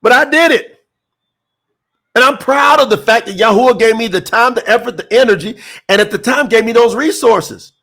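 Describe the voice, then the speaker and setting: A man preaching an impassioned sermon, repeating phrases for emphasis and reading scripture slowly. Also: very high-pitched, gravelly, fairly bright tone. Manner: reads scripture slowly, word by word. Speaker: preacher promoting a scripture translation.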